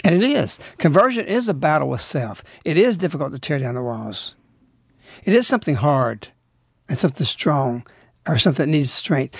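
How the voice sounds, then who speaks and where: A man's voice: on the high side, sing-song, moderate pace, vocal fry, breathy edge, no echo, clean studio sound. A man hosting a religious radio show, preaching urgently and pleading with his listeners. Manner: urgent, exhorting, rising to pleading outbursts. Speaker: radio host.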